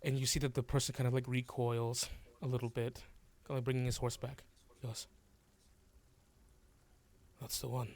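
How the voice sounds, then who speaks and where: A man narrating a tabletop game as game master, halting and full of fillers and restarts. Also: medium pitch, little pitch movement, darkish tone.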